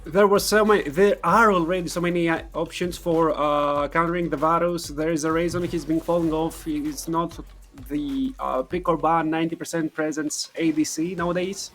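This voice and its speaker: Male esports analyst, fairly high voice, halting delivery with restarts and dry jokes, live broadcast desk. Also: fairly even intonation, fairly bright tone, faint music behind.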